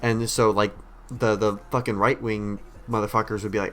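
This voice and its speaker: A man's voice: lowish voice, level tone, normal speed, fairly bright tone. A man streamer giving a rambling, blunt commentary rant, swearing heavily as he talks. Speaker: streamer reacting to clips.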